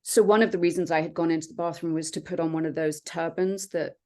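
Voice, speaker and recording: A woman, a podcast guest, telling her own story in an earnest, reflective way with many pauses and fillers. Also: low-pitched, fairly even intonation, warm tone. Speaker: podcast guest, transformation coach. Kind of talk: personal storytelling in conversation.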